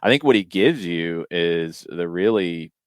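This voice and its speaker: Man, soccer podcast host, very low pitch, dry close mic, restarts and fillers. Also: lively intonation, unhurried, clear, resonant tone, no echo. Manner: thinks aloud with many restarts and fillers. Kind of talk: casual soccer podcast chat.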